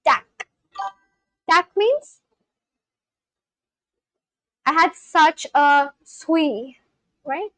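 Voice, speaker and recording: Young woman streamer, high voice, unhurried, dry close mic, casual chat with viewers. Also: animated, a bit bright, no room sound, low-quality recording. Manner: chatty, thinks aloud, sounds out foreign words slowly. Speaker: language-learning livestreamer.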